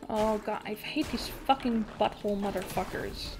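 A woman's voice: mid-range voice, normal speed, background noise. A young woman streaming a video game, chatting casually, swearing and laughing as she reacts to the play. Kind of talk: casual gaming stream chat.

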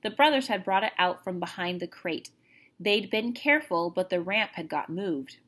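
A woman, a teacher, reading a chapter book aloud with expressive, lively narration. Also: fairly low pitch, normal speed. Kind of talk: storybook read-aloud.

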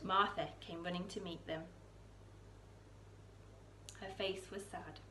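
Female storyteller reading a children's book aloud, expressive, low-pitched, roomy church with faint hiss. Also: slow pace. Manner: expressive, with soaring questions and hushed lines.

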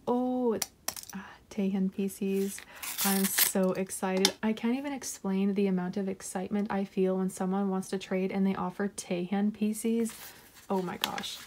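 A woman vlogger opening mail and chatting casually, gushing with excitement and gasping over each item. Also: mid-range voice, slight background noise. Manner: gushing, excited, with gasps and soft asides. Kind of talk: casual unboxing chat.

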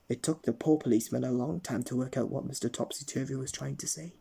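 A man's voice: medium pitch, quick pace, gravelly, hardly any pauses, mellow, breathy edge. A man reading a children's story aloud in a playful storytelling manner. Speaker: storybook reader.

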